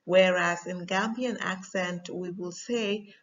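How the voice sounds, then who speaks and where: A woman's voice: medium pitch, fairly even intonation, highs cut off. Patient woman teaching a language lesson. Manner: patient, slow, with frequent ums and spelled-out examples.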